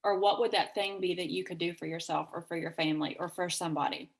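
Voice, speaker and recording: A woman from Kentucky with a Southern accent, giving an energetic, chatty sales pitch over a video call and acting out quoted messages with big jumps in pitch. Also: quick pace. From Kentucky, USA. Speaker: network marketing presenter.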